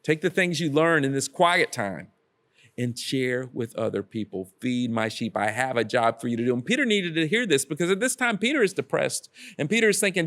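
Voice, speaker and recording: A man's voice: on the high side, expressive, a little fast. A man preaching a casual devotional sermon, earnest and repeating his exhortations to the listener.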